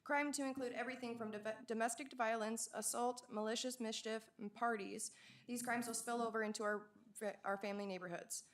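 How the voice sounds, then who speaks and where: A woman's voice: on the high side, steady tone, fairly quick. A woman in her twenties giving an earnest public comment at a city council hearing, growing emotional and pleading. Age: 20s.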